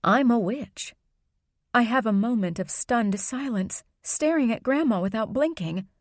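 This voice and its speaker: A woman reading a first-person audiobook in an even, measured narration. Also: fairly high pitch, no echo, studio quality.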